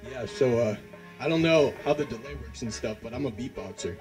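A man who beatboxes, talking on a video call in an excitable, shouting way and swearing a lot. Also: mid-range voice, a little fast, rough recording. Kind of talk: excited casual video chat. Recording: loud music behind.

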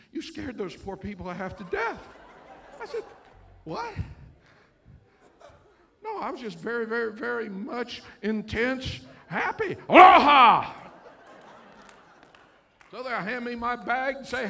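A pastor preaching a sermon in church, loud in the call-and-response and joking when he tells stories. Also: very high voice, normal speed, creaky, few pauses. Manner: storytelling, joking with the congregation. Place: church sanctuary.

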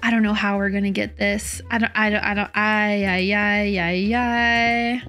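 A woman's voice: mid-range voice, a little slow, a bit bright, soft background music. A young woman giving casual, chatty gameplay commentary while building, often doubting herself and laughing at her own work. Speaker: Minecraft build-battle player.

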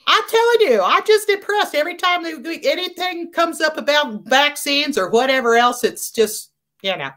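A woman co-hosting a veterans show, telling stories in an animated, enthusiastic casual way. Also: sits high, normal speed. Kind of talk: casual chat, storytelling.

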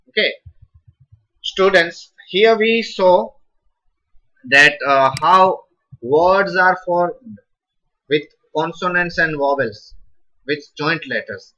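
A man's voice: on the high side, animated, slow pace, long pauses, bright, forceful tone. A man with an Indian English accent teaching Sanskrit in a live online class, patient and encouraging, praising students as they read words aloud. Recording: dull lo-fi recording.

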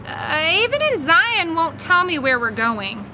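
A woman reading an audiobook, voicing a huffy preteen boy with tics who protests, then gets excited. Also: extremely high pitch, a little slow, slight background noise, voice pushed up, full character voice. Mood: protesting.

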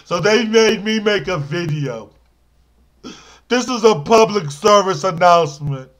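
A man playing a battered, self-pitying can scavenger who pleads in a high, bright, whiny voice. He drags out his complaints slowly and melodramatically in a comic monologue to camera. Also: lively intonation. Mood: lamenting.

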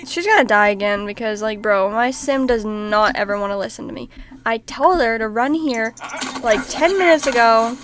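A woman's voice: a little high, moderate pace, crowd noise. A woman hosting a casual let's-play, chatting and reacting aloud to her game. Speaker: gaming channel host.

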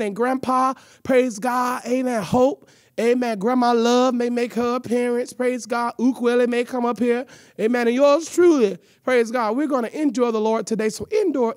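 A woman's voice: high voice, no echo, clean studio sound. A woman hosting a church youth hour, out of breath, with exuberant call-and-response and playful teasing. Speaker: youth service host. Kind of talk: lively church show hosting.

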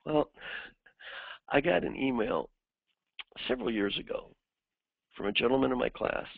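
Male executive coach lecturing with stories; husky voice, dry close sound. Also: mid-range voice, normal speed, no echo. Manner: animated storyteller who acts out the people in his stories. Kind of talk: lecture with anecdotes. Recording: dry, phone-like narrowband sound.

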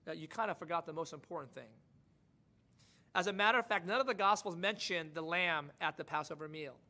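Male pastor, high bright voice, impassioned sermon delivery with soft asides and swelling emphasis. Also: quick pace.

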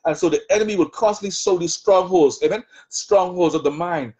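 A man with a Bahamian accent preaching a sermon, taunting in rapid repeated jabs as he voices the enemy's lies. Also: sits high, a little mellow. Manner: taunting, mocking the devil's voice in rapid repetitive jabs. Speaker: prophet preaching.

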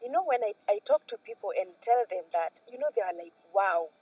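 A Kenyan woman tells her story with a voice that rises and falls sharply, dropping to near-whispers and then bursting out loud. Her tone is slightly husky and a little high. She sounds muffled, as if recorded from some distance. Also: fairly quick. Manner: animated, switches between soft near-whispers and loud outbursts. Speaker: guest. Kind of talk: emotional personal storytelling.

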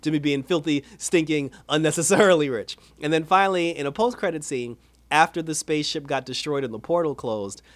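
A man's voice: a little high, a little fast, no echo. Laughing man recapping a cartoon episode. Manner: animated, laughing, acts out character lines. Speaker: show reviewer. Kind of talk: casual recap and review.

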